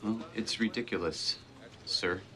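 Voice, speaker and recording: A man's voice: lowish voice, measured pace, sharp tone. A man playing a junior police officer in a family film, speaking hesitantly and stumbling over his words. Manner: hesitant, stammering. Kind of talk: film dialogue.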